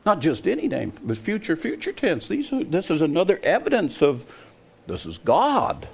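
A man's voice: on the high side, huge pitch swings, normal speed, gravelly, a little mellow, slightly rough. An older man preaching a sermon, emphatic and scoffing, often putting questions to his listeners. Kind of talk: sermon to a congregation.

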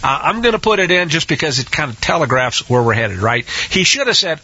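A man's voice: fairly high pitch, big pitch swings, fairly quick, few pauses, bright, forceful tone, husky. A man teaching a scripture study, hesitant with many restarts and acting out the quotes, on a dull lo-fi recording. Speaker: Bible teacher.

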